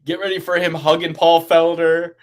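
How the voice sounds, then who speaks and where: A man's voice: fairly high pitch, little pitch movement, normal speed. A man co-hosting a casual sports betting podcast, ranting with profanity and sarcastic exasperation. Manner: sarcastic, mocking. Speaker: podcast co-host.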